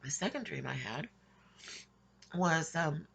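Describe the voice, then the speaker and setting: A woman's voice: low-pitched, lively intonation, slow, creaky, fairly bright tone, husky. A woman casually recounting her dreams in a rambling way, with frequent restarts and little laughs. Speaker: Christian vlogger recounting dreams. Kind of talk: casual spoken storytelling.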